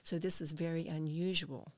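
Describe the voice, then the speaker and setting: A woman's voice: low voice, steady tone, normal speed, a little mellow, dry recording. An older woman, a podcast guest, earnestly telling a personal story and dropping to a whisper at tense moments.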